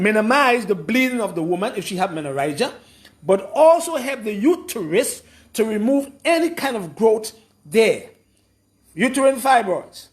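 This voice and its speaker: A man giving an informal lecture, explaining slowly and repeating his points with emphasis. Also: high-pitched. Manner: slow, repetitive, emphatic explaining. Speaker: herbalist explaining a program.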